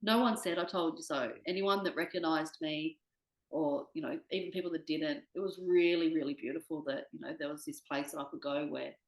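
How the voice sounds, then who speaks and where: Low, gravelly woman speaking candidly. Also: a little fast, reverberant, rough recording. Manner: candid, swears freely, quotes herself. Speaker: interview guest. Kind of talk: candid personal conversation.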